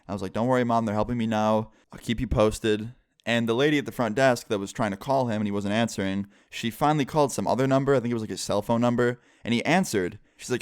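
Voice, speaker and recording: A young man telling a rambling, excitable story to camera in a casual vlog style, full of "like" and acted-out quotes. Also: fairly low pitch, fast talker, clean tone, no room sound, studio quality. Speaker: vlogger.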